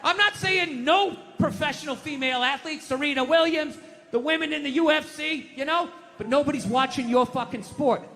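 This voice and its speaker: High, bright-voiced ranting male comic. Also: normal speed. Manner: shouting, profane ranting; animated storytelling with mock voices. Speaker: stand-up comedian. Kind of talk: stand-up comedy. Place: comedy stage. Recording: echoey live venue with audience noise.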